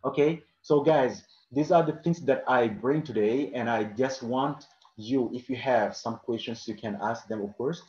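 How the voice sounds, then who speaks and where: A man's voice: medium pitch, measured pace, a little mellow, reverberant, highs cut off. A man teaching an English lesson live online, answering questions from the chat and often adding "okay" and "of course".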